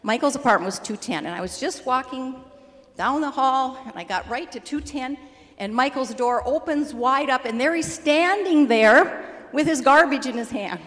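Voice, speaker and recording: An older woman telling a personal testimony in a lively, animated way, laughing easily as she tells the story. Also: high voice, normal speed, in a large hall. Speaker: church member sharing a testimony.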